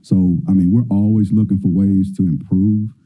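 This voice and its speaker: A male fire department official calmly answering budget questions at a public hearing. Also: deep voice. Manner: measured, explanatory. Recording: tinny phone-like meeting audio.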